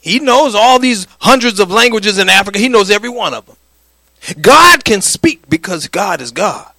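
Raspy, high-pitched man preaching a sermon. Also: very animated, moderate pace, no echo. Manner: preaching with wide swings from loud to hushed; calls for congregation response. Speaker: pastor.

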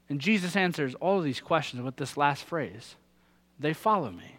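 A man's voice: fairly high pitch, expressive, moderate pace, fairly bright tone. A man in his thirties preaching a sermon, earnest and putting direct questions to his listeners. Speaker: pastor.

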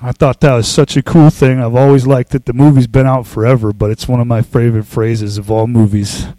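A man preaching a casual sermon, talking loosely with fillers and restarts, and reading scripture slowly and with emphasis. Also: mid-range voice, dry recording, low-quality recording. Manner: relaxed, conversational, with fillers and restarts. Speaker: pastor.

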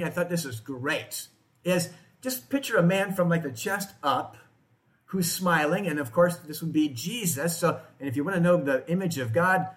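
Male pastor, slightly higher voice, conversational sermon delivery. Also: fairly bright tone. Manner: conversational, asks the congregation questions. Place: church, in front of a congregation.

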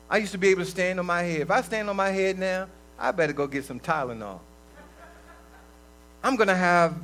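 High-voiced man preaching a lively sermon. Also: poor audio. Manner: lively, conversational preaching with sudden loud outbursts and soft drops. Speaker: lay preacher. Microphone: livestream recording.

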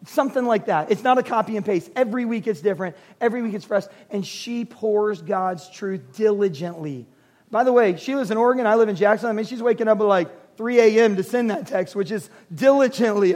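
A man in his forties delivers a sermon in a notably high, light voice. He tells family anecdotes with playful humor and then turns to earnest, direct exhortation. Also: darkish tone. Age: 40s. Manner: humorous storytelling, earnest preaching. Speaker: pastor.

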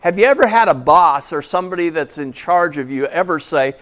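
A pastor preaching to his congregation, a man with a somewhat high voice. He talks in an easy, conversational way and asks the room questions. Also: fairly quick, hardly any pauses, fairly bright tone. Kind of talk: sermon. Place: church before a congregation.

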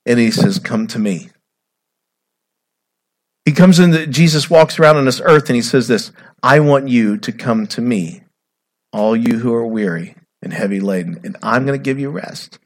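A man in his forties preaching a sermon as a pastor, with dramatic swings from loud, raised passages to hushed storytelling. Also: mid-range voice, moderate pace.

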